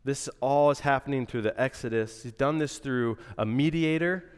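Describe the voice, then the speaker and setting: A man's voice: mid-range voice, moderate pace, smooth. Nasal stuffed-up guy preaching, chatty asides, echoey sanctuary. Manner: relaxed, conversational preaching with asides. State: congested, nasal from a cold. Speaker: pastor. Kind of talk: sermon.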